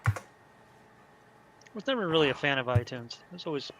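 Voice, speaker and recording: A man's voice: fairly high pitch, big pitch swings, brisk, background noise. A man chatting as a guest on a livestream, joking and bantering playfully over a video call. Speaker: stream guest. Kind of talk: casual livestream chat.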